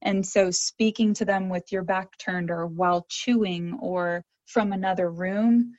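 A woman audiologist explains hearing care in a calm, informative way. Her voice sits at a middle pitch. The recording is close and dry, with a slightly dull, lo-fi tone. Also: a little slow, no echo. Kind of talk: interview answers.

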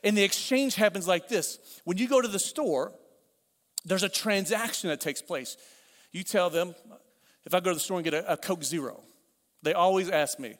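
High-voiced preacher in an echoing hall. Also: male voice, moderate pace, fairly bright tone. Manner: conversational preaching with repeated phrases and asides. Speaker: pastor. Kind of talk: sermon. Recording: long hall reverb.

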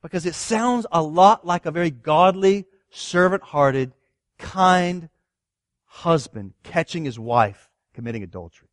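A man's voice: a little high, expressive, unhurried, dry recording, studio quality. A man preaching a sermon, reading scripture and asking his listeners earnest rhetorical questions. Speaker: pastor.

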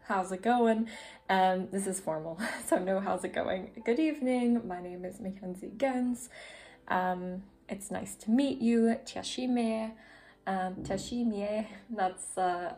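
A woman's voice: medium pitch, a little mellow. A woman hosting a vlog-style podcast about learning a language, talking casually with many fillers and restarts; English is her first language. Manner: chatty, frequent fillers and self-corrections. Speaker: podcast host.

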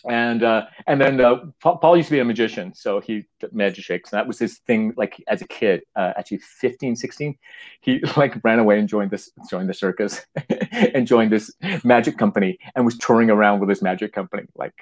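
A man from Canada, a guest telling a long story in an animated way, laughing often and restarting his sentences. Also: lowish voice, brisk, low-quality recording. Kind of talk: anecdotal storytelling.

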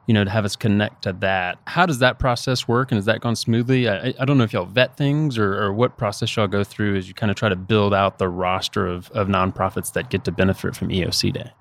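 A man hosting an interview chats in a friendly, easygoing way, now and then stumbling over his words. His voice sits on the lower side. He asks his guest questions in a relaxed, conversational tone. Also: fairly quick, creaky, hardly any pauses. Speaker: podcast co-host.

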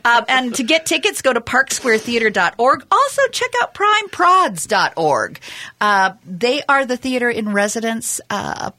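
A woman hosting a community radio talk show, chatty and quick to laugh, with frequent filler words. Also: fairly high pitch, very animated, sharp tone, no echo. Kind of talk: casual radio interview.

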